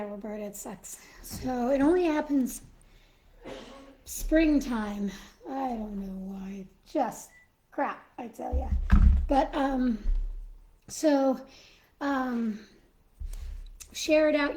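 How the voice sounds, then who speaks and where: A woman hosting a casual live stream, short of breath and slowed by illness, talking haltingly with many pauses and fillers into a phone. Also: a little high, mellow, slight background noise, rough recording. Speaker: live stream host in a Mrs. Claus persona.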